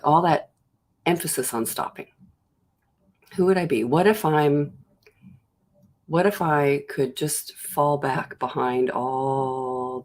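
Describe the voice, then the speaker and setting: A host giving a slow, searching reflective monologue, pausing often and acting out inner thoughts as quoted asides. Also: mid-range voice, vocal fry, breathy edge. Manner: slow, searching delivery with long pauses and soft trailing phrases. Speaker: host of a self-inquiry show.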